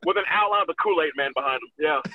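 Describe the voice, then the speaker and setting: A man telling a road story as a guest in casual talk, animated and profane, acting out quotes and laughing often, heard over a phone line. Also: fairly high pitch, fairly quick. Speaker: wrestler guest. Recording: tinny phone-line sound.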